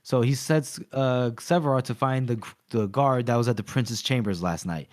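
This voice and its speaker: A man's voice: mid-range voice, normal speed, dry recording, studio quality. A man co-hosting a podcast, casually retelling a book chapter and acting out bits of dialogue. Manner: retells scenes, acting out lines. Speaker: podcast co-host.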